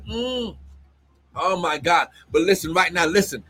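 A man ministering as a prophet in a live-streamed service, fervent, breaking into shouts and tongues with constant exclamations of "glory". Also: sits high, animated, unhurried.

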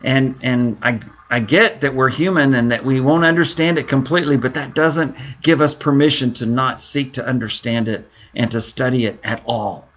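Middle-aged male pastor, mid-pitched voice, earnest devotional teaching, repeats key words. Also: normal speed, a bit bright.

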